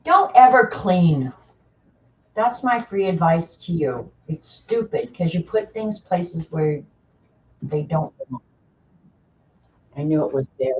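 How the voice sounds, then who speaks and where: A woman's voice: sits low, animated, a little slow, pauses often, mellow, breathy edge. Chatty woman drawing on a lo-fi stream. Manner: chatty, talks to herself while working. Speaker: art livestream host. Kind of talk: casual chat while drawing. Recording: dull lo-fi stream audio.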